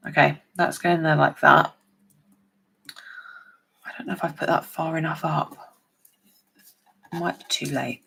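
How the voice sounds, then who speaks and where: A woman's voice: deep voice, fairly even intonation, unhurried, gravelly, long pauses, fairly bright tone, husky. A woman demonstrating papercraft on a chatty live stream, talking to her viewers by name as she works. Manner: chatty, talks to viewers by name while working.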